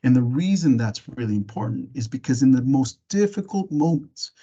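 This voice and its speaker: A man presenting a parenting webinar, gently walking listeners through reflective questions in a casual way with some fillers and restarts. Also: mid-range voice, lively intonation, moderate pace, breathy edge, lo-fi sound. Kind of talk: reflective webinar talk with guided imagery.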